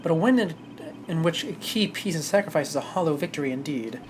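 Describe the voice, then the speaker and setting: Streamer voicing a cool male prosecutor, formal, measured, steady pitch, game read-aloud. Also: slight background noise, lightly acted. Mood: composed.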